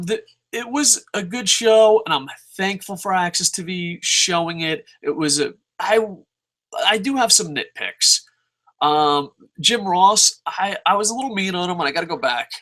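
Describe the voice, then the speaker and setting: A man's voice: high-pitched, a little slow. A man ranting casually and profanely as he reviews wrestling shows. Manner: profane and animated, mocking others in silly voices.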